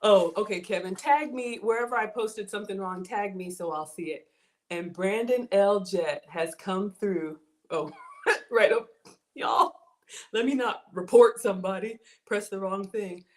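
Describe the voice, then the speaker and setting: A middle-aged woman, hosting a cooking livestream in a chatty, excitable way and reading viewer comments aloud. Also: mid-range voice, a little slow. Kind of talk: casual livestream chat.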